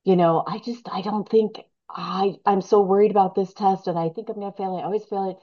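A woman's voice: medium pitch, fairly even intonation, fairly quick, mellow, dull audio, pitched above the performer's own voice, lightly acted. A woman voicing an anxious young boy worried about failing a test, fretful in tone.

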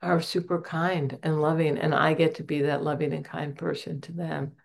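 A woman's voice: sits low, fairly even intonation, moderate pace, vocal fry. A middle-aged woman giving a candid, earnest personal testimony at a recovery meeting, telling stories on herself with self-deprecating humor. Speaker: member sharing at a recovery meeting.

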